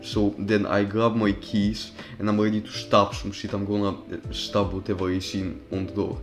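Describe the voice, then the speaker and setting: A man's voice: on the low side, monotone, moderate pace, over music. A young man casually telling a personal story over gameplay, profane and rambling, with loose restarts. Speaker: storytime commentary YouTuber.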